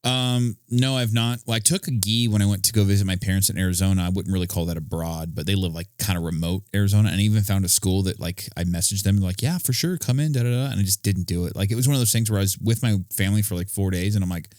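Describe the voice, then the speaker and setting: A man's voice: low voice, steady tone, quick pace, few pauses, a little mellow, dry recording, clean studio sound. A man co-hosting a podcast in casual, profane chat, telling long rambling stories full of fillers. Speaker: podcast co-host.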